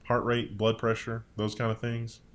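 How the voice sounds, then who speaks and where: A man's voice: medium pitch, completely flat delivery, moderate pace. A man co-hosting a tech news show, reading headlines and then riffing on them sarcastically. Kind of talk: casual tech news chat.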